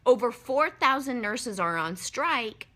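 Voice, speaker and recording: A young woman telling a travel mishap to her stream viewers in a hotel room, casual and animated, swearing freely and calling her viewers "y'all" into a phone. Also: on the high side, slow. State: upset after crying. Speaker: livestreamer telling a travel story.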